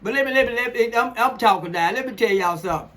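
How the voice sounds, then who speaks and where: A man's voice: very high voice, quick pace, fairly bright tone. An older man co-hosting a casual podcast, blunt and rambling, laughing often. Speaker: podcast co-host, father. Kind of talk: casual sports chat.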